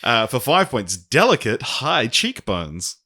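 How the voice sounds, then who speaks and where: A man co-hosting a casual podcast, reading out quiz clues slowly and laughing often. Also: medium pitch, wildly swooping pitch, pushed and bright. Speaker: podcast co-host, quizmaster.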